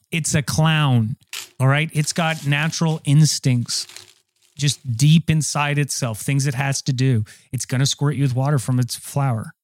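A man's voice: mid-range voice, dry recording. A man riffing absurd mock-serious explanations in a comedy chat.

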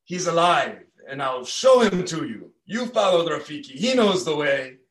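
A man's voice: a little high, very animated, moderate pace, a bit bright. A man preacher voicing a wise old male monkey sage in a half-hearted impression, in an echoey church. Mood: insistent.

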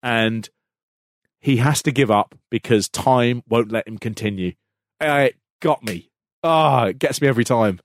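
A man co-hosting a podcast, telling a story in an animated way, laughing and restarting his sentences when he gets excited. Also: mid-range voice, measured pace, slight background noise. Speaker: podcast co-host. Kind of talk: casual storytelling chat.

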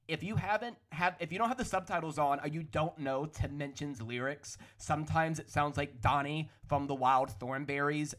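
A man hosting a solo podcast, ranting in an animated, opinionated way with a hoarse, worn-out voice. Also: fairly high pitch. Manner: animated, opinionated, hedging with "allegedly". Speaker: podcast host. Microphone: studio podcast microphone.

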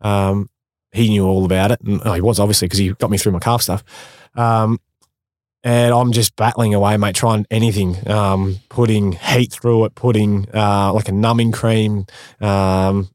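An Australian man with a lowish voice tells stories in a podcast interview, candid and self-mocking, slipping into slang. The sound is dry and close, with no room around it. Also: steady tone, normal speed, a little mellow, no room sound. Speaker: guest, former pro footballer.

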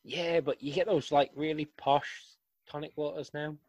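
A man's voice: on the high side, steady tone, normal speed, darkish tone, dull audio. A man co-hosting a podcast, teasing his friends in casual banter. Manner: dry teasing. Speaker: podcast co-host.

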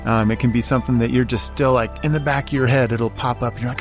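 A man's voice: medium pitch, fairly even intonation, fast talker, soft background music. A young man co-hosting a podcast in casual chat, asking the question of the week and dropping wry, dry quips. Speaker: podcast co-host.

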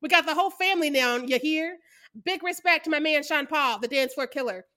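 A woman's voice: sits high, bright, forceful tone. A woman mocking a male celebrity's bad put-on Jamaican accent in a podcast impression. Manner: mocking impression, slow drawl.

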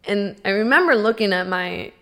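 A woman's voice: mid-range voice, moderate pace. Emphatic woman telling her story. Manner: emphatic and animated, with frequent "like". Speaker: motivational speaker. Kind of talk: personal storytelling.

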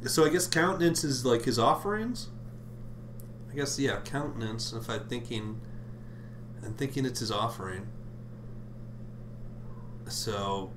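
A man's voice: mid-range voice, slow, pauses often, a little hiss or hum. A man hosting a podcast, reading scripture aloud with irreverent comic commentary, swearing and laughing between lines. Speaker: podcast host. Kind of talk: comedic Bible reading with commentary.

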